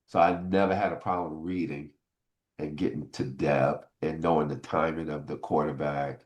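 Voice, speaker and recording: A former pro football player in his sixties tells stories in a casual interview, animatedly acting out old conversations. His voice is very deep and his pace moderate.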